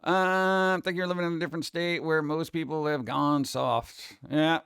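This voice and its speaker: Male streamer, casual and animated, clear resonant tone, dry close mic. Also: fairly high pitch, moderate pace, dry recording. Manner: animated, chatty, slips into mock voices. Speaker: streamer host. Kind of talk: casual chat with viewers.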